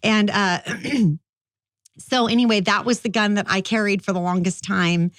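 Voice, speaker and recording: A woman's voice: medium pitch, normal speed, dry recording. A middle-aged woman, a firearms instructor, telling her story in a casual, rambling interview with lots of fillers. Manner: chatty, rambling, many fillers.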